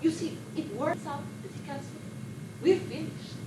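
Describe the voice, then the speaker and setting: An actress playing a sleepless Polish actress. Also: female voice, high voice, moderate pace, dark tone, natural voice. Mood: chatty. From Poland. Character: sleepless Polish émigré actress, chatty and self-promoting. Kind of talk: film monologue. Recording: echoey room, distant mic, background noise.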